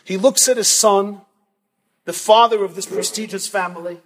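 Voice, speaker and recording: Dramatic male rabbi-preacher, very high husky voice, big hall reverb. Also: fairly even intonation, normal speed. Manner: dramatic, emphatic, swings between loud and soft. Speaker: rabbi speaker at a yeshiva event. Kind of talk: sermon with storytelling. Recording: long reverb from a large hall.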